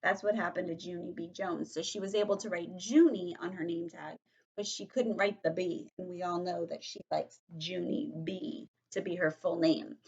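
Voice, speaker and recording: A woman teacher reading a story aloud to young children, explaining vocabulary in a gentle, questioning way. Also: on the low side, fairly even intonation, normal speed, breathy edge, lo-fi sound. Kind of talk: read-aloud vocabulary lesson.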